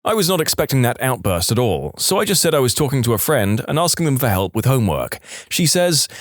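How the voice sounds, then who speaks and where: A man narrating online stories in a scripted, expressive reading style. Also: medium pitch, fairly quick, few pauses, no room sound, studio quality. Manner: lively, expressive reading with acted quotes.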